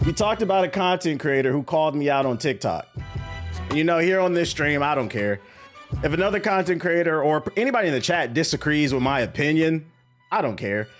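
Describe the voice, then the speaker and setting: A high-voiced young man talks straight to his stream. His manner is animated, slangy and profane, with a loose conversational flow. A faint music bed plays quietly behind him. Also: fast talker. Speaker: streamer and content creator. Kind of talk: casual stream commentary.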